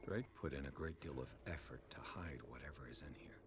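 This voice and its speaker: A brooding private investigator from a video game muses quietly over clues. His voice sits extremely low, and the game's ambient noise hums clearly under him. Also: a little fast. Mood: musing.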